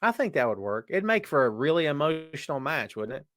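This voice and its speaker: Animated man hosting a wrestling podcast. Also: on the high side, brisk. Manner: animated, reads out viewer comments. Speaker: podcast host. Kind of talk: live-chat wrestling talk.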